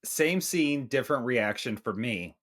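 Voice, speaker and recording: A man co-hosting a movie review podcast in casual chat, swearing freely and tossing in quick asides. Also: mid-range voice, animated, fairly bright tone. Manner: profane, chatty, quick asides.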